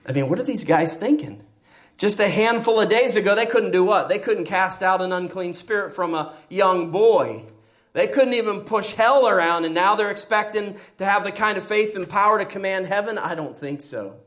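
A man preaching a sermon, reading scripture aloud and explaining it with lively rhetorical questions. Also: sits high, normal speed. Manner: animated Bible teaching with rhetorical questions.

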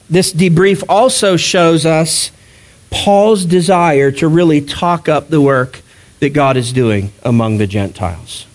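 Male pastor, slightly high voice, animated and conversational, preaching a sermon.

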